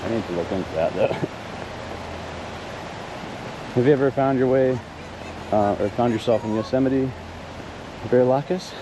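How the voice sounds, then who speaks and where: A man's voice: medium pitch, unhurried, pauses often, noisy background. A man live-streaming a hike on an outdoor trail, chatting with viewers and thinking aloud in a casual, self-deprecating way. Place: outdoor hiking trail in a wooded valley.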